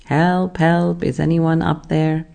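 A speaker acting out a frightened man clinging to a branch over a cliff, pleading and yelling for help in a story told during a spiritual talk. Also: mid-range voice, level tone, takes it slowly, creaky, pitched above the performer's own voice.

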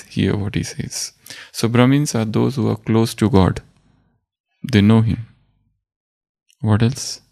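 A man's voice: mid-range voice, creaky, dark tone. A man, teaching a spiritual class, quizzing listeners and telling parables. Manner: asks the class questions, tells parables, teacherly.

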